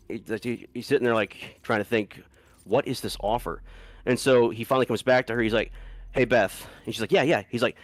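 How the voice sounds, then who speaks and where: A man's voice: mid-range voice, no echo. Laughing, rambling man telling a story. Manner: rambling, swears freely, often breaks into laughter. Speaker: streamer telling a story to friends. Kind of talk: casual storytelling chat.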